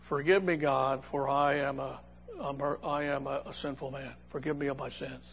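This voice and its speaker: A man voicing a humble, repentant tax collector in a hushed, contrite tone, in a reverberant hall. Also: medium pitch, steady tone, normal speed, a little hiss or hum, voice pushed down, lightly acted.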